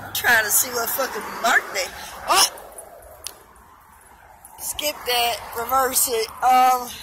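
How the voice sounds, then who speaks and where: A tipsy woman vlogging on her phone while walking outdoors, loud and profane, laughing often. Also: fairly high pitch, background noise. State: tipsy from drinking. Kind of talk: casual self-filmed vlog. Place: outdoors walking along a road.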